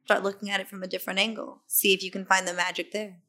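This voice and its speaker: A young woman, an actress, chatting as an interview guest in an animated way, saying "like" a lot and acting out voices. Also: mid-range voice, fast talker. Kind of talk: casual interview chat.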